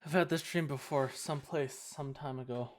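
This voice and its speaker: A woman streamer voicing the lawyer in a game, expressive and swearing freely. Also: very deep voice, normal speed. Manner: expressive, swearing, laughs at herself. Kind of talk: live-stream game dub reading.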